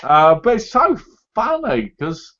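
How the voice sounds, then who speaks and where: A man's voice: high-pitched, huge pitch swings, slow pace, bright, forceful tone. Chatty man hosting a live chat, lo-fi. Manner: chatty, acts out other people's lines as he talks. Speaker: live stream host. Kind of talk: casual chat. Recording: dull lo-fi stream audio.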